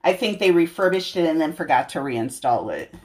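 A woman's voice: sits low, expressive, brisk. A young woman hosting a livestream, chatting casually and giggling with viewers. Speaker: livestream host.

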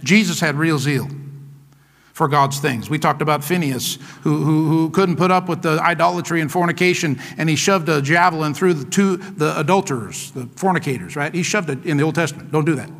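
A male pastor shouts encouragement through an energetic sermon, prompting his congregation for responses and repeatedly urging "come on." His high, bright, cutting voice is gravelly and leaps widely in pitch. The long reverb of a church sanctuary rings around him.

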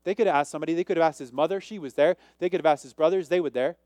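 A man preaches with emphasis, often speeding up or pulling back on his volume. His voice sits fairly high. The sound is dry and close. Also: rapid-fire, darkish tone, no room sound. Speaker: pastor. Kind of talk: sermon.

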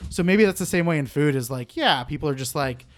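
Rambling man with a higher voice. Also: expressive, brisk. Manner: rambling, lots of fillers, laughs often. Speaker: podcast co-host. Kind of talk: casual chat.

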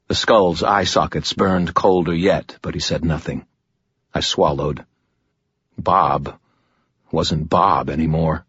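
A man narrating a fantasy audiobook in the first person, with tense, measured storytelling. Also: low voice, steady tone, fairly bright tone, breathy edge, dry recording, highs cut off.

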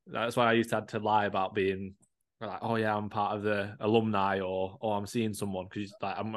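A young man telling stories in a casual chat. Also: lowish voice. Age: young adult. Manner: chatty, storytelling with swearing and laughs.

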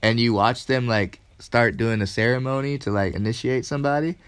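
Man, podcast co-host, casual and profane, laughs easily, mid-pitched. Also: brisk, clean tone. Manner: loose, profane, laughs a lot. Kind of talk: casual chat.

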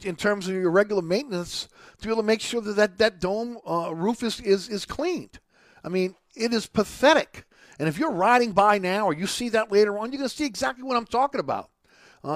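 A man's voice: high-pitched, dry recording, studio quality. A middle-aged man, hosting a talk radio show and ranting indignantly, with many stumbles and restarts. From New Orleans.

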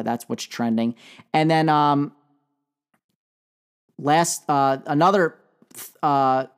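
A man's voice: mid-range voice, clear, resonant tone. A man hosting a solo sports talk show, talking casually with fillers and dry sarcasm.

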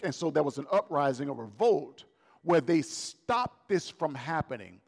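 A man preaching a sermon as pastor, swinging between loud raised lines and soft, slow emphatic words. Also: a little high, animated, big-room sound. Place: church hall.

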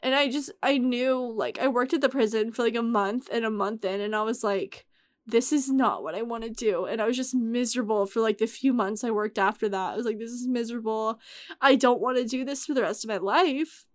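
A woman's voice: fairly high pitch, fairly quick, no room sound. Emotional young woman, dry close sound. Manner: chatty, many fillers. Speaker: guest telling her story. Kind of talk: casual podcast chat.

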